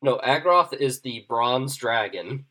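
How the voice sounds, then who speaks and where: A man narrating as game master in a relaxed, loose way with many fillers. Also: mid-range voice, slow.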